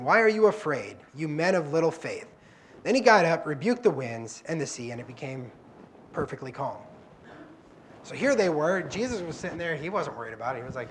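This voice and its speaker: Man, guest preacher, relaxed conversational sermon in a church, slightly high voice. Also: a little hiss or hum. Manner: conversational, acts out quoted prayers and dialogue.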